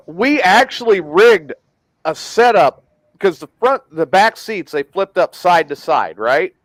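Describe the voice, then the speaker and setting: Man, high-pitched voice, dry close sound, profane rambling storyteller, casual chat. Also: sing-song, takes it slowly, long pauses, fairly bright tone, no room sound, rough recording. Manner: profane, rambling storyteller who laughs at his own stories. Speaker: podcast host.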